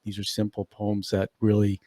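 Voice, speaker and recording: A man's voice: on the low side, monotone, normal speed, dark tone, no echo. A man hosting a podcast interview, enthusiastic and casual, calling his guest dude and swearing now and then. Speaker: podcast host.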